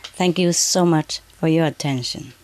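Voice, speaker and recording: Low-pitched woman as a spiritual teacher; unhurried, halting, broken English, peppered with "okay"s. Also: darkish tone. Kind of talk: addressing an audience from a prepared reading. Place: indoors under bright spotlights.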